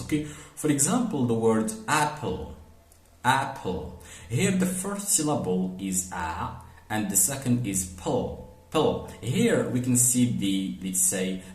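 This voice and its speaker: A man teaching a phonetics lesson. He explains step by step, repeats example words slowly and keeps saying "okay" and "for example". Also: fairly low pitch, reverberant.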